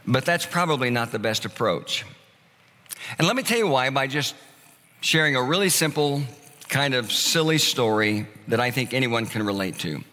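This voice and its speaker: A man's voice: mid-range voice, pushed and bright. A man preaching a sermon in a church, telling stories in a conversational way and acting out the lines of people in them. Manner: conversational storytelling, acting out dialogue. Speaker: pastor. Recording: long hall reverb.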